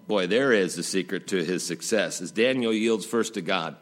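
A man preaching a sermon, talking conversationally and asking the congregation rhetorical questions, with folksy humor and emphatic rises that drop to quiet asides. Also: moderate pace, few pauses. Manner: dynamic, swinging between emphatic highs and quiet drops. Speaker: pastor.

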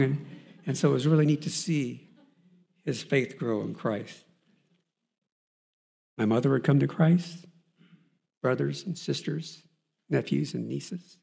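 A man shares his Christian testimony in an earnest, storytelling way, often pausing on fillers and restarting his sentences. His voice sits at an ordinary pitch but has a gravelly edge and a husky texture. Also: mellow. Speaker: person giving a Christian testimony. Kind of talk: personal faith testimony.

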